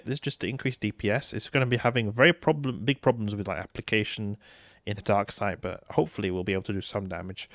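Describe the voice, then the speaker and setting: A man's voice: fairly low pitch, creaky, dry recording. A man hosting a gaming channel, talking casually through a game setup while slightly ill, his voice cracking at times, thinking aloud with fillers and restarts. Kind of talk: casual gameplay commentary.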